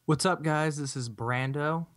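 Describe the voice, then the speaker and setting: A man's voice: fairly high pitch, a little slow, a bit bright. A man co-hosting a podcast, chatting eagerly and rambling a little. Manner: enthusiastic, rambling. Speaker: podcast co-host. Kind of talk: casual podcast chat.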